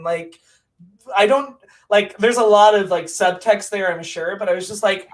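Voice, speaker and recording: High-voiced young man telling a funny story. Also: normal speed. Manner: animated, self-mocking, lots of fillers. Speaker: guest. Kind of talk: casual storytelling chat.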